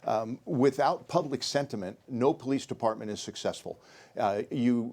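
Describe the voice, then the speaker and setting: A man's voice: mid-range voice, normal speed, creaky, a little mellow. An older man answering in a political debate, earnest and thinking aloud, sometimes repeating words as he searches. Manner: earnest, repeats words while finding them. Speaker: sheriff candidate.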